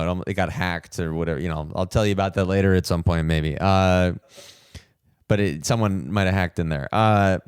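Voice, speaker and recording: A man's voice: on the low side, a little mellow, clear, resonant tone, dry recording, clean studio sound. A young man hosting a solo podcast, rambling and self-deprecating, full of fillers and restarts. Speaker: podcast host.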